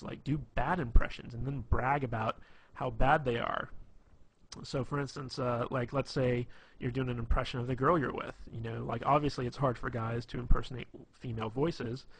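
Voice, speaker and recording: A man's voice: mid-range voice, moderate pace, a little hiss or hum. A man giving casual, rambling advice on being funny, full of fillers and restarts. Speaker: dating advice presenter. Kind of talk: casual instructional talk.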